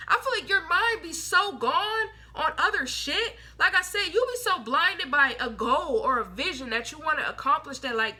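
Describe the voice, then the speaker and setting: A young woman gives a loose, talkative tarot reading in a high, very bright voice. She speaks bluntly, swears casually, uses plenty of slang and slips into little voices for the people she quotes. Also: expressive, normal speed, few pauses. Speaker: tarot reader.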